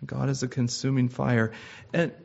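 A man preaching a sermon in a measured, earnest way, with frequent "uh" restarts. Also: mid-range voice, flat delivery, vocal fry. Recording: slightly dull lo-fi sound.

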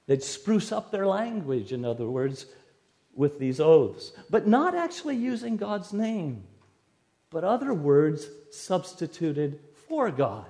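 A man preaching an expository sermon, verse by verse, with an emphatic delivery that swings between loud stresses and sudden quiet drops. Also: on the high side, very animated, takes it slowly.

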